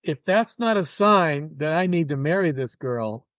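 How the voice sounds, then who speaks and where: Older man telling stories with animated delivery. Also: a little high, unhurried, no room sound. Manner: animated, acts out quoted voices. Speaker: guest musician. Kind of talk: casual interview storytelling.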